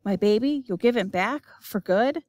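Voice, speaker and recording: A woman reading an audiobook, voicing a petulant, tearful young queen who talks in a whiny, sharp way. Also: mid-range voice, expressive, moderate pace, lightly acted. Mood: hopeful.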